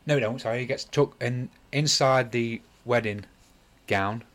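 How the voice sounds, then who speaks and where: A man's voice: medium pitch, unhurried, a bit bright. A man, casually retelling a game's plot on a podcast, rambling and apologizing as he goes. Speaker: podcast host. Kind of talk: casual chat.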